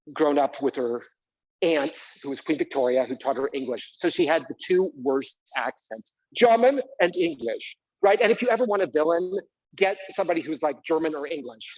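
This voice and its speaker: A man's voice: high voice, darkish tone, no echo, lo-fi sound. A man performing a live one-man stage show, talking theatrically and prodding the audience to join in. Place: community center stage.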